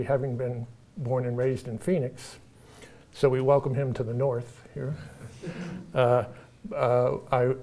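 Man introducing a lecture speaker. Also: medium pitch. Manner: relaxed, with frequent filler sounds. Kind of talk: event introduction. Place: lecture hall.

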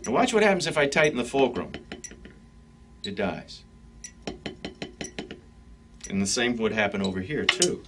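A man teaching drum stick technique, talking in an easy, conversational way straight to his students. His voice sits at an ordinary pitch for a man. Clear noise and the clicking of sticks on a practice pad run behind him. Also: measured pace, pauses often. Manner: relaxed, conversational, addresses students directly. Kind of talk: instructional demonstration.

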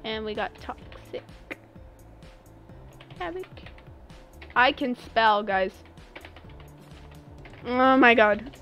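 Talking to her chat as she plays, a young woman keeps her live gameplay commentary playful and chatty. Her fairly high voice draws out words and leaves long pauses, the highs sound cut off, and faint music plays behind her.

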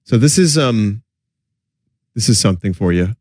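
A man's voice: lowish voice, lively intonation, normal speed, darkish tone, slight background noise. Wry man mocking old commercials. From New York area. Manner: wry, mocking, laughs often. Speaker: streamer reacting to commercials. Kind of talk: casual chat with jokes.

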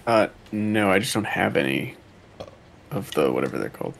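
Low, gravelly young man rambling. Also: big pitch swings, moderate pace, a little hiss or hum. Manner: rambling, hedging with fillers. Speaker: co-host. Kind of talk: casual let's-play chat.

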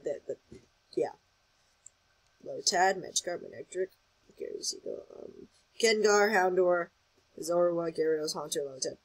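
A host giving casual gameplay commentary, excitable and rambling, thinking aloud as they play. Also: mid-range voice, a little slow, long pauses, poor audio. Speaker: gaming channel host.

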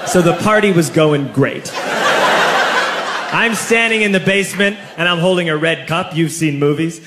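A man doing live stand-up, telling a story with animated delivery that speeds up and shouts at the punchlines. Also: on the high side, normal speed, over a noisy crowd. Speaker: stand-up comedian. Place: comedy club stage before a live audience. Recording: echoey club with audience laughter and noise.

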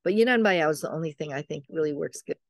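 Talking fast in a low-pitched voice, an older midwife and author rambles through family anecdotes as a chatty guest, voicing her relatives' words as she goes. It's a casual storytelling conversation, recorded clean in a studio with no echo.

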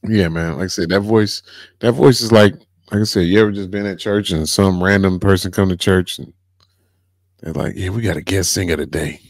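A man's voice: sits low, fairly even intonation, normal speed, no room sound, studio quality. A man hosting a music reaction video, talking casually in slang, emphatic and often repeating himself.

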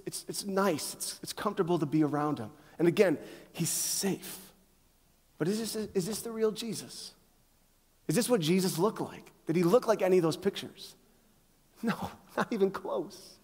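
A man with a high-pitched voice preaching in a church sanctuary. He leans on rhetorical questions and emphatic pauses, and his voice rings out with a long hall echo. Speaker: pastor. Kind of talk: sermon.

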